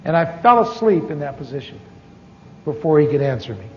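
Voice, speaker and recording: A man's voice: on the high side, very animated, a little fast, slight background noise. A middle-aged man preaching a personal testimony, candid and storytelling, with wry asides. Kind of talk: testimony sermon. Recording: dull archive recording with long hall reverb.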